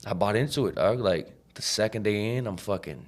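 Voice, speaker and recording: A man with a fairly low voice tells his story in a rush, words tumbling out quickly. His talk is casual and salted with swearing and slang, packed with "like" and "you know." He slips into the voices of the people he quotes. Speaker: podcast guest.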